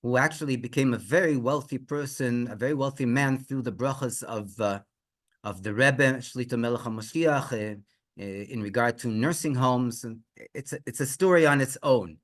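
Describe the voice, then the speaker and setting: A man's voice: medium pitch, normal speed. A middle-aged man, a rabbi, telling a religious story with lots of restarts, fillers and rhetorical questions.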